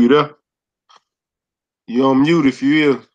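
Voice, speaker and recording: A man hosting a casual live stream, laid-back, giving shout-outs to the chat. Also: medium pitch, steady tone, measured pace, dull audio. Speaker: host.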